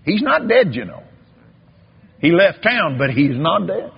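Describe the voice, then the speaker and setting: Folksy preacher man, gravelly and husky. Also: sits high, sing-song, unhurried. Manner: drawling, repetitive, preacherly. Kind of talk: folksy sermon with storytelling. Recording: dull lo-fi sermon recording.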